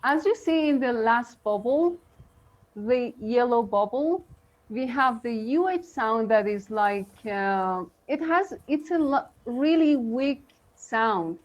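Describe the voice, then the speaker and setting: Slow-talking woman teacher on a lo-fi call. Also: fairly high pitch, expressive. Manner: slow, halting, many fillers. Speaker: co-host English teacher. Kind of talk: live online pronunciation lesson. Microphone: video call. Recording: dull lo-fi stream audio.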